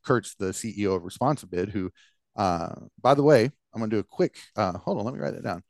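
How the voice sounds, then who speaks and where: A man's voice: lowish voice, lively intonation, fairly quick, a little mellow, no echo, studio quality. A man hosting a podcast who rambles casually in a conversational rant, with lots of restarts. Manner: rambling, many fillers and restarts. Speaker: podcast host.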